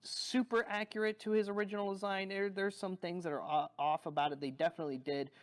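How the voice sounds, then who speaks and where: A man's voice: sits high, steady tone, quick pace. A man reviewing a toy on video, talking in a rambling, enthusiastic fan manner with lots of fillers and restarts.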